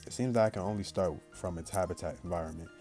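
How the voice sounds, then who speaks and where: A deep-voiced gaming channel host reads visual novel text aloud plainly at a quick, mellow pace, with soft music behind him. Now and then he breaks off to chat with viewers in slang.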